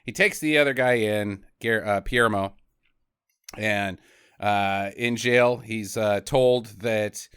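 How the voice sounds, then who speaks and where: A man's voice: fairly low pitch, slow pace, fairly bright tone, clean tone, no room sound, clean studio sound. A man co-hosting a comedy podcast, rambling through a bad movie's plot with profane jokey asides. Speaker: podcast co-host. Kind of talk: casual comedic film review.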